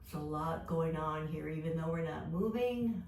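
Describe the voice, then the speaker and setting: Woman yoga teacher, 50s, low-ish voice, calm gentle cues, clear room noise behind. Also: moderate pace. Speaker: yoga instructor. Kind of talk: guided yoga class instruction. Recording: echoey room, mic far off.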